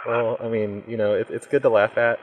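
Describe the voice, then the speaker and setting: Deadpan insulting prank caller, man. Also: fairly low pitch, brisk. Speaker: prank-calling radio host. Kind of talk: prank phone call. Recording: muffled lo-fi with loud noise.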